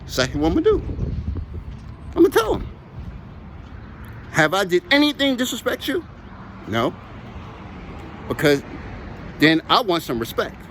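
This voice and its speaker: A man with a high voice that swings up and down a lot talks casually while walking outside. He rambles, says things again for emphasis, and speaks with force. Faint street traffic hums behind him. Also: wildly swooping pitch, a little slow, long pauses, a bit bright. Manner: rambling, emphatic, repeats himself. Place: outdoors on a walk.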